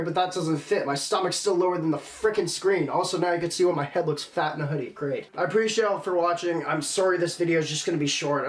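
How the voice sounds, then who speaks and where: A man's voice: a little high, roomy sound. A young man vlogging casually, frustrated and ranting, often apologizing to viewers. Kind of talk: casual unboxing vlog.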